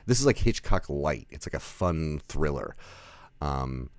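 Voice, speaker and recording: A man's voice: a bass voice, sing-song, unhurried, no room sound. A man giving a casual movie review, rambling with lots of fillers, restarts and chuckling asides. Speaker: film reviewer.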